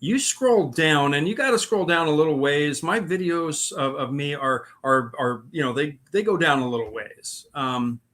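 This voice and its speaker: A man, a paranormal investigator appearing as a guest, tells his own ghostly experiences in a casual, rambling way full of fillers and restarts. His voice leans high and sounds animated and a bit bright, at a normal speed with few pauses.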